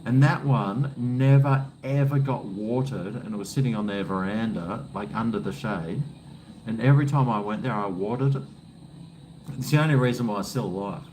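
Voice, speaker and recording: A man's voice: on the low side, moderate pace, darkish tone, slight background noise. Rambling Australian man on a beer live stream. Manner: rambling, swearing, joking. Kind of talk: casual chat while drinking beer.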